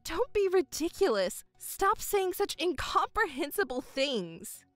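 A woman voicing a patient young woman, an elder daughter, speaking in a restrained, exasperated and quietly sarcastic way. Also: very high voice, big pitch swings, measured pace, dry recording, faint music behind, full character voice. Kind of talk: voiced story narration.

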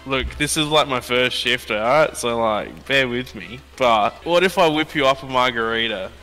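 A man playing an Aussie bartender, bright voice. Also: mid-range voice, normal speed, soft background music, close to an everyday voice. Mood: laid-back. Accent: Australian. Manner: laid-back, swears casually, says "mate" constantly. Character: cheerful Australian male bartender in a game roleplay. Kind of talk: game roleplay.

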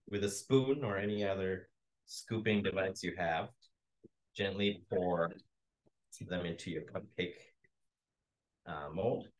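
A man hosting a baking class, telling animated behind-the-scenes stories as he works. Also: deep voice, rough recording. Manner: animated storyteller, acts out quotes. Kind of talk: casual storytelling during a baking demo.

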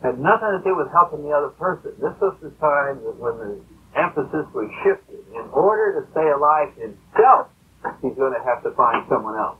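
A man's voice: a little high, animated, normal speed, breathy edge. A man telling a story to a recovery meeting in a rambling, conversational way with many fillers. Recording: tinny lo-fi old tape.

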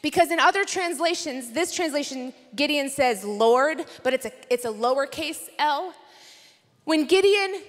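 A woman preaching at a conference, telling a funny story with lively, animated delivery. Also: high voice, measured pace, long reverb tail. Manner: animated, comic storytelling with laughs. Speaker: conference speaker. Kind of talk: storytelling sermon. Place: conference hall.

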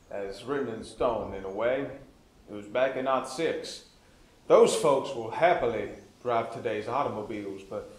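A man's voice: mid-range voice, roomy sound, lightly acted. A man voicing the stern, grandfatherly ghost of an old-time woodsman, with a put-on old-fashioned accent, lecturing and calling the listener "dear boy". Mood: mysterious.

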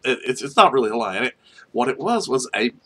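A man's voice: medium pitch, big pitch swings, brisk, a bit bright, breathy edge. A middle-aged man from North Carolina telling rambling field stories in a casual spoken memoir, with many restarts and chuckles.

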